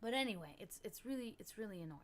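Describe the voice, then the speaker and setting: A woman's voice: mid-range voice, lively intonation, fast, soft background music. A woman from Germany, chatting casually on a livestream, rambling off on tangents and swearing when something annoys her. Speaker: streamer reading and discussing esoteric texts. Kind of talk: casual livestream chat with reading aloud.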